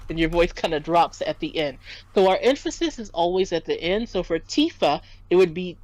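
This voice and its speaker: A woman teaching French in a relaxed chat, her pitch bouncing high and low as she explains. She laughs easily between points. The sound is close and dry, with no room around her. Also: fairly quick, no room sound, low-quality recording. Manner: animated, laughs often while explaining. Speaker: French tutor. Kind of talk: casual language lesson.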